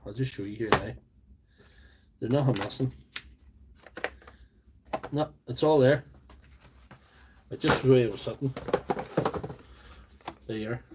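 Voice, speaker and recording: His pitch is medium and his pace measured, with many pauses and some background noise. A Northern Irish tool repairer, he hosts an easygoing live stream from a homemade workshop studio, chatting in a rambling, self-deprecating manner into a phone mounted on a small tripod.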